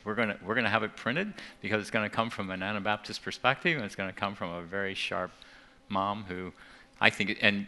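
Man, earnest church talk, frequent restarts, sharp forceful tone, gravelly. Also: fairly low pitch. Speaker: seminar speaker.

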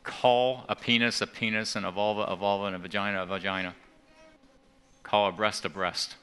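A man's voice: lowish voice, fairly even intonation, a little fast, bright, forceful tone, clean tone. A man giving an earnest talk to a church audience, often restarting and repeating words. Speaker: seminar speaker.

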